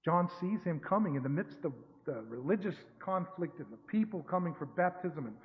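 A man's voice: fairly high pitch, animated, normal speed. A man preaching a conversational sermon, correcting himself often and rising to emphatic bursts. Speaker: pastor. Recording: tinny phone-like sound with long hall reverb.

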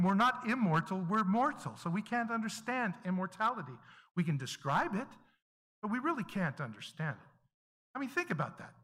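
A man's voice: high voice, bright, forceful tone. A man preaching a sermon in a conversational teaching style, often asking the congregation questions. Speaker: pastor. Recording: echoey hall with long reverb.

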